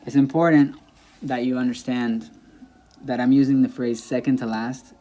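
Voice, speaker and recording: Male teacher, warm low-key tone, patient, casual explainer. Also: level tone. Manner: patient, repeats words slowly for emphasis, checks in with "okay?". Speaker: Spanish teacher.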